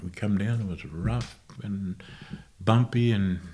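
Low-voiced man telling stories. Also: mellow, slight background noise. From Australia. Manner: unhurried, halting recollection that corrects itself. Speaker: guest musician. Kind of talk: casual interview storytelling.

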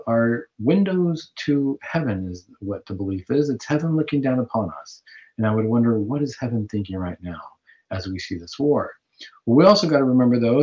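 A man's voice: medium pitch, warm tone. Earnest man hosting Catholic radio. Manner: earnest, preaching, with fillers and restarts. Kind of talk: radio talk show monologue. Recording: dull lo-fi radio audio.

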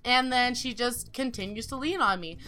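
Young woman, slightly high, bright and forceful tone; animated, swearing storyteller, light music underneath. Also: normal speed. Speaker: podcast host telling a story. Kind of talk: casual storytelling chat.

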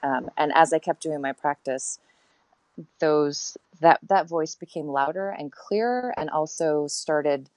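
A woman in her thirties with a low voice talks candidly as an interview guest, often stopping and restarting her sentences. The recording is dry and close. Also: measured pace, darkish tone, no room sound, rough recording. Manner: reflective and candid, with frequent fillers and restarts. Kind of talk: casual interview chat.

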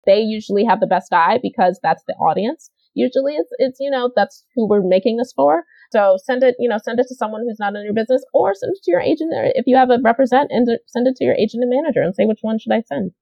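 A woman's voice: a little high, fast talker, creaky, few pauses, warm tone, dry recording. Chatty woman on a dull, dry line. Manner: chatty, many you-knows, repeats words for emphasis. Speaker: casting director. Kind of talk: casual interview chat.

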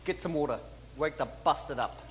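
An actor playing a menacing, abusive gang torturer with a high-pitched, unusually lilting voice. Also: male voice, a little fast, big-room sound, slight background noise, close to an everyday voice. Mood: contemptuous. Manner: snarling, abusive.

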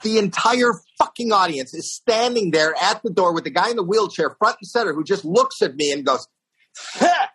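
A middle-aged man telling a long comic story on a talk show, acting out the voices with high squeaks. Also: expressive, a little fast, hardly any pauses, sharp tone, breathy edge, low-quality recording. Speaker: stand-up comedian guest telling a story.

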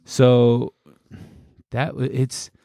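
A man co-hosting a casual podcast chat, relaxed and halting as he reads from his notes. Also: medium pitch, creaky, no echo, studio quality. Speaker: podcast co-host.

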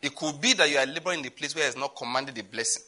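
A male preacher delivering a sermon, moving between loud exclamations and quiet asides. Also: mid-range voice, racing.

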